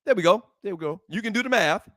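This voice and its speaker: A man's voice: high-pitched, expressive, fast, fairly bright tone, dry recording. A man co-hosting a sports talk podcast, casually ribbing his brother and laughing often. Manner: teasing, playful, laughs often. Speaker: podcast co-host.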